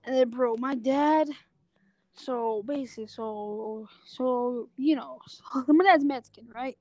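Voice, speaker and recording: A woman with a high voice tells rambling stories in a casual chat. She packs her talk with filler words. Her voice comes through a phone with no headset and sounds dry and close. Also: takes it slowly, darkish tone, no room sound. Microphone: phone on a call, no headset.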